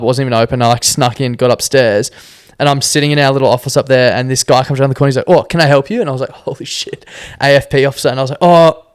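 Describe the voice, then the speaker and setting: Lively Australian guy telling a story. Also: mid-range voice, smooth, dry recording, studio quality. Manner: animated, laughs often, acts out quotes. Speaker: podcast guest. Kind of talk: casual storytelling chat.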